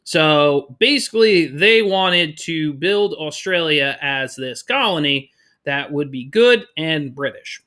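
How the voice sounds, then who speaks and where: Energetic male teacher, bright tone, chatty and joking. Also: fairly high pitch, takes it slowly. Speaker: history teacher. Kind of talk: casual classroom lecture.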